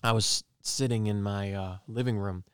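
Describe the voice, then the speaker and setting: A man's voice: lowish voice, steady tone, moderate pace, clear, resonant tone, no echo, studio quality. A man giving an earnest personal testimony and preaching, repeating phrases for emphasis.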